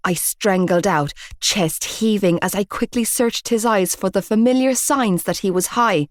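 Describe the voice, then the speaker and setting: A woman narrates a first-person audiobook with fiery, emotive delivery. Her voice sits at a middle pitch. The recording is dry and close, with no room sound. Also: moderate pace, no room sound. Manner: emotive, heated reading.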